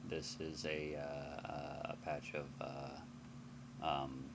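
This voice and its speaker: A man running a tabletop game as game master, halting and casual. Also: extremely low pitch, flat delivery, gravelly, background noise.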